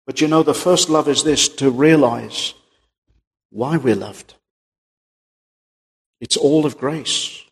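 Husky-voiced preacher in a reverberant hall. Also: male voice, mid-range voice, slow pace, long pauses. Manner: earnest, emphatic, quotes King James scripture. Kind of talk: sermon. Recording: long reverb of a large hall.

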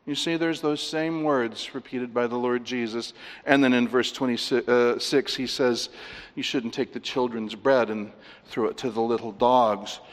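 A man preaches an expository sermon, emphatically guiding listeners through scripture references in a medium-pitched, fairly even voice at a moderate pace. The recording carries the long reverb of a large hall.

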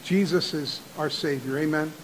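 A male pastor preaching a midweek sermon. He rattles off scripture references and builds to loud, repeated declarations. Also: fairly high pitch, steady tone, a little hiss or hum, low-quality recording. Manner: cites verses rapidly, builds to shouted repetition. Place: church.

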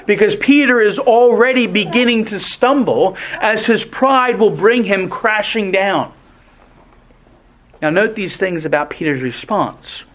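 A man preaching a sermon in a deliberate, emphatic way, often restarting his phrases. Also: high voice, fairly bright tone.

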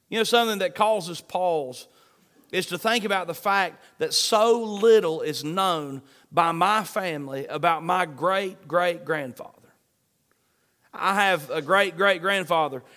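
A man's voice: high voice, fairly bright tone. A male pastor preaching an online sermon in an earnest, emphatic way, repeating his refrains.

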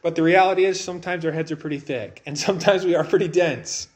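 Male preacher, a bit high-pitched, conversational sermon delivery with rhetorical questions. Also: steady tone, fast. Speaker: pastor.

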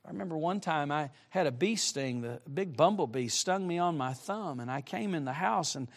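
A middle-aged man preaching to young people, with emphatic direct appeals and shifts between soft asides and loud, rising emphasis. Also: a little high, lively intonation, moderate pace. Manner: emphatic, repeatedly urging listeners with direct appeals. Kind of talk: sermon to a youth congregation.

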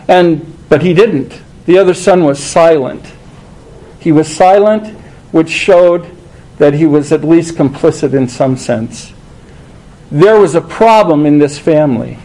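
A man's voice: sits high, lively intonation, takes it slowly, long pauses, darkish tone, low-quality recording. A man preaching a sermon, conversational and emphatic, asking rhetorical questions.

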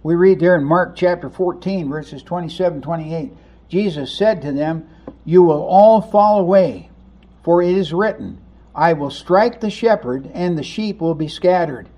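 A man preaching a sermon, animated, acting out the voices of people in the story as he teaches. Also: on the high side, normal speed. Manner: animated, acts out voices of the crowd and disciples. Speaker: pastor.

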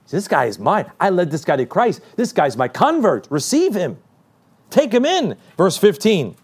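A man preaches a midweek sermon. His voice sits a little high and swings widely in pitch as he leans hard on scripture verses and slips in jokes. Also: normal speed, husky. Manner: lively, joking asides, quoting scripture emphatically.

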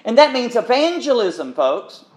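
A man's voice: extremely high pitch, very animated, a little slow. A male preacher giving an earnest sermon, repeating words and calling his listeners beloved.

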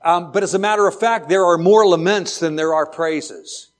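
A man's voice: high-pitched, moderate pace. A man teaching a Bible lesson to a class, chatty and digressive, with joking asides.

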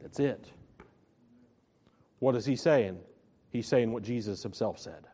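Slow, emphatic male preacher. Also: mid-range voice, warm tone, slightly rough. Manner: slow, emphatic, repeats key phrases. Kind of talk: sermon.

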